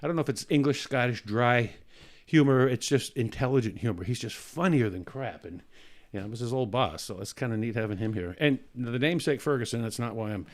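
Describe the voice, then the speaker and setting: Guy hosting a talk show, rambly jokey storytelling, keeps restarting sentences, mid-pitched voice. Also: fairly quick. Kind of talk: casual comedic chat.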